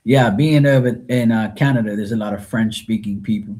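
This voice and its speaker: A man from Bermuda, speaking with a Bermudian accent, chats in a loose, rambling way to viewers on his live tarot stream. His mid-range voice has a darkish tone.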